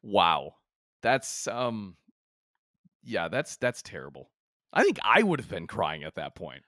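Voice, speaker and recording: A man in casual podcast chat reacts to a story with exclamations, his pitch leaping all over the place. His voice is bright and forceful, and the sound is dry and close. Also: sing-song, slow, no echo. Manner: reactive listener, laughs and exclaims. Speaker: podcast co-host.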